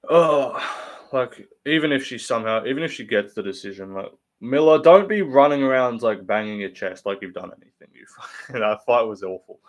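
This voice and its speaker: A man with a medium-pitched, lively voice runs a live fight watch-along at a brisk clip. Between answers to chat, he mocks the fighters in a blunt, profanity-filled rant.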